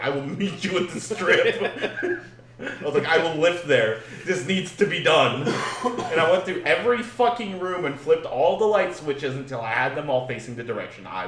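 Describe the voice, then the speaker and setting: Young guy cohosting a chill podcast, swears a lot, laughs at his own stories, kinda higher voice, roomy echo. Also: bright, forceful tone. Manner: swearing, laughing, rambling storyteller. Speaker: podcast co-host. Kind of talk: casual chat. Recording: echoey room, far from mic, faint noise.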